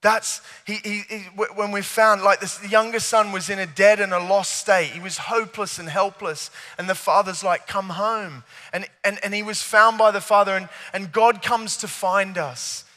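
A man with a high, bright voice preaches earnestly to young people. He trips over his words and restarts often. The sound rings with the long reverb of a large church hall. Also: steady tone, moderate pace, few pauses. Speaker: youth preacher. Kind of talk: youth service talk.

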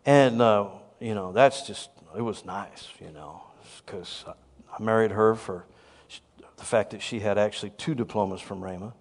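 A man who pastors a church, telling a story in a sermon with animated, self-deprecating humor. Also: lowish voice, moderate pace, big-room sound.

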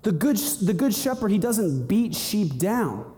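A young male pastor with a high, light voice preaching with lively energy, slipping into quick acted-out voices. His words ring out with a long hall reverb around them. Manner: animated, acts out little scenes and voices. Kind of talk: sermon.

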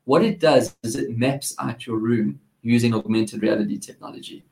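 A man's voice: mid-range voice, moderate pace, vocal fry, darkish tone, rough recording. Male tech guest, keen and chatty, mid-range voice, self-correcting. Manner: enthusiastic, explains gadgets with restarts. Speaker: tech commentator. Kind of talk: casual radio chat.

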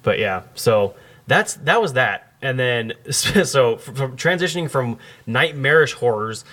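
A man hosts a relaxed podcast conversation at an average pitch. He rambles through his stories, leaning on fillers and restarting sentences as he goes. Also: unhurried. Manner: rambling, heavy on fillers like "like" and "you know". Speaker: podcast host. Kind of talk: casual podcast chat.

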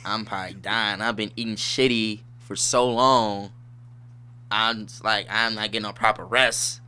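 Bright-voiced laid-back man hosting a podcast. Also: fairly low pitch, smooth. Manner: laid-back slangy rambling, laughs often. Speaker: podcast host. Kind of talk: casual solo podcast chat.

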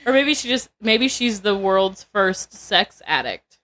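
A woman's voice: mid-range voice, sing-song, slow pace, a bit bright. A woman co-hosting a podcast in casual chat, telling stories bluntly and teasing with laughs. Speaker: podcast co-host.

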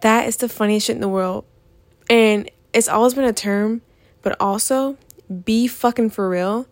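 A woman's voice: a little high, moderate pace, no room sound. Profane young woman ranting. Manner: profane, animated, exasperated ranting. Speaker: podcast host. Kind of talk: ranting casual monologue.

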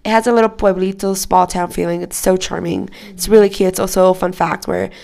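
A woman's voice: on the low side, level tone, fairly quick, creaky, warm tone. A woman hosting a podcast in casual chat, talkative and swearing freely.

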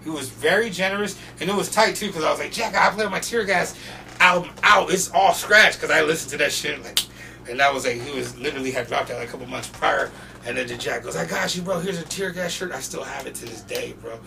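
Over music, a North Portland, USA native guesting on a podcast rattles off stories fairly quickly in a gravelly, fairly high voice, animated and profane, laughing and imitating quoted voices. The distant mic carries steady background noise.

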